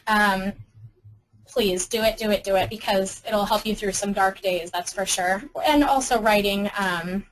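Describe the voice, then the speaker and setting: A woman's voice: mid-range voice, fairly even intonation, a little slow, rough recording. A young woman giving a casual, upbeat webinar talk with many ums and restarts. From Arizona. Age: young adult. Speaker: webinar presenter.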